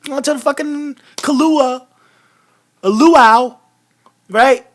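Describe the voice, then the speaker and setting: A smug, carefree wrestler brushes off a beatdown with cheap jabs, as a man mimics him. The voice rides higher than a normal speaking voice and sounds flippant and mocking. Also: takes it slowly. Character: cocky carefree male wrestler shrugging off a beating.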